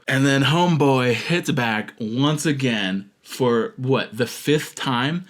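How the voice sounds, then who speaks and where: A man's voice: mid-range voice, slow pace, hardly any pauses. A man ranting as a filmmaker vlogger, reading out comments and mocking them with sarcastic asides and laughter. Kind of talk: comedic rant reading out comments.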